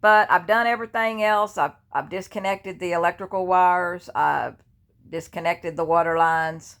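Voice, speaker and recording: A woman's voice: on the low side, normal speed, a bit bright. An older woman talking casually from her bed in a personal vlog, rambling and chatty with many restarts, into a phone held at arm's length. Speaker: grief vlogger. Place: indoors, lying in her bed.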